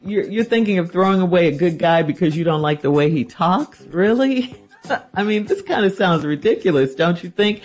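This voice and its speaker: Husky advice show host, teasing, kinda incredulous, talks straight at the listener. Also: mid-range voice, animated, moderate pace, a little mellow, faint music behind. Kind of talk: reading a listener letter, then giving advice.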